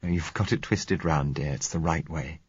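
A man voicing a gentle husband who speaks tenderly and quietly. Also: a bass voice, normal speed, slightly rough, no echo, highs cut off. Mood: tender soothing. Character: gentle man leading his wife to death.

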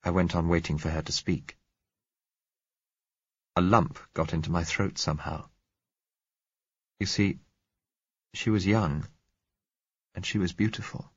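Deep, husky male audiobook narrator. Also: fairly even intonation, no echo, dull audio. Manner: measured, reflective first-person narration. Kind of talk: audiobook reading of a novel.

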